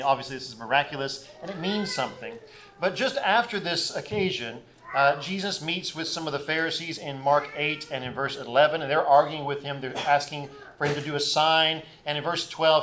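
A man preaching a sermon and reading scripture aloud, pausing often on "uh" and growing louder and higher when he reads the quoted passages. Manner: frequent "uh" fillers, rises in pitch and volume when reading scripture. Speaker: pastor.

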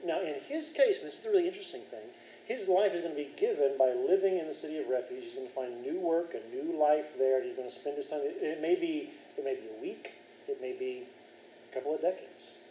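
A man's voice: fairly high pitch, expressive, quick pace, dark tone, reverberant, a little hiss or hum, low-quality recording. A man leading a Bible study class, reading scripture aloud and then explaining it and questioning his students.

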